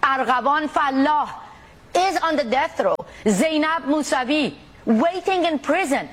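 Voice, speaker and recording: A woman from the Middle East, an activist interviewed on the news, speaking forcefully and insistently. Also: high voice, lively intonation, a little slow. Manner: forceful, insistent, listing examples. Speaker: activist guest.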